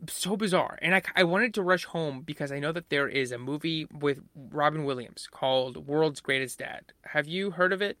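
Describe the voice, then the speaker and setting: Guy chatting, bright voice, kinda high, dry close sound, swears a lot and acts out scenes. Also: moderate pace, few pauses, no room sound. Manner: animated, swearing, acts out characters. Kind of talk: casual chat about a film.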